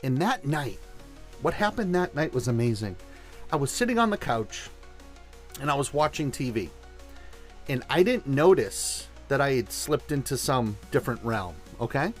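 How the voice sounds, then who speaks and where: With big pitch swings in a mid-range voice at normal speed, a man hosting a show tells a story and gives advice, keeping it enthusiastic and casual. Faint music plays behind him.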